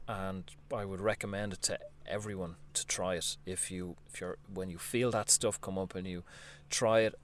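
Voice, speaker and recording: A man talking earnestly in a reflective spiritual monologue, gently coaching the listener and laughing softly now and then. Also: on the low side, a little hiss or hum. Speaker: spiritual vlogger.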